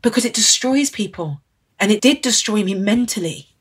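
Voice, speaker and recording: A woman's voice: mid-range voice, expressive, moderate pace, slightly rough. A woman in her thirties from Britain, speaking as an interview guest, earnest and emotional, repeating phrases for emphasis. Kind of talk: candid interview.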